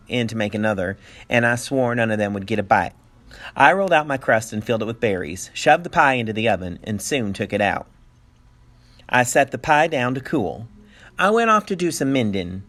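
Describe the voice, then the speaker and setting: A male teacher reading a picture book aloud with animated storytelling and playful asides. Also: medium pitch.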